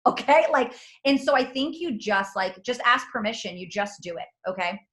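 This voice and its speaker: A woman speaking bluntly and energetically on a video call, acting out quotes as she goes. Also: mid-range voice. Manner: blunt, animated, fast-shifting, acts out quotes. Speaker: guest speaker. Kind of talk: energetic casual talk.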